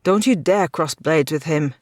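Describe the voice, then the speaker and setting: Woman voicing wounded older seneschal, gruff, wheezy, growling, storybook. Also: deep voice, moderate pace, a little mellow, no room sound, clean studio sound, natural voice. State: wheezing, injured.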